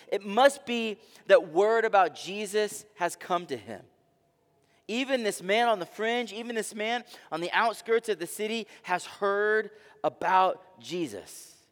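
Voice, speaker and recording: High-voiced man preaching in a hall. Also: lively intonation, measured pace. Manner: dramatic preaching, with rhetorical questions and swings between soft and loud. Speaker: pastor. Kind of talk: sermon. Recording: long reverb of a large hall.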